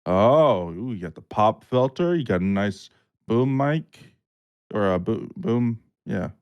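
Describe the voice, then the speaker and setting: A man's voice: lowish voice, lively intonation, slow, clear, resonant tone, lo-fi sound. A young man hosting a podcast, joking around and swearing freely in casual chat. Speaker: podcast host.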